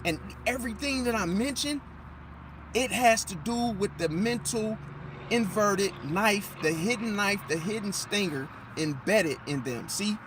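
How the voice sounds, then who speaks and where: Guy with a high voice ranting about star signs, keeps saying see?, going hoarse, faint traffic noise outside. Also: unhurried. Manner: animated, emphatic, repeats "see?"; drops into mocking impressions of others. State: losing his voice. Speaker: astrology commentator. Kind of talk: casual monologue.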